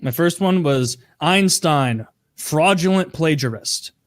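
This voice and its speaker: Male host, a bit high-pitched, brisk and crude, dry mic. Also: lively intonation, no room sound. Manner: brisk, crude, steering the conversation. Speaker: podcast host. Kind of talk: casual podcast chat.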